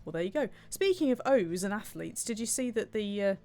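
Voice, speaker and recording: A woman's voice: medium pitch, lively intonation, fairly quick, dark tone. A woman streaming a cooking game, chatting playfully and reading viewer comments aloud. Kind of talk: casual gameplay commentary.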